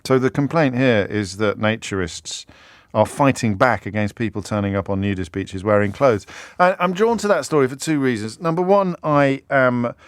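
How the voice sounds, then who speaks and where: A man's voice: medium pitch, animated, normal speed, dry recording. An English man hosting a radio phone-in in a studio, wry and rambling, joking at his own expense and searching aloud for words. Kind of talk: talk radio monologue.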